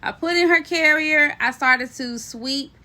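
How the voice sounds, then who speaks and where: Young woman, storytime vlogger: bright, slightly high voice, animated and slangy, curses freely. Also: measured pace. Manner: animated, slangy, addresses viewers as "y'all" and "baby"; swears freely and laughs while telling the story. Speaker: vlogger telling a personal story. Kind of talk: casual storytime chat.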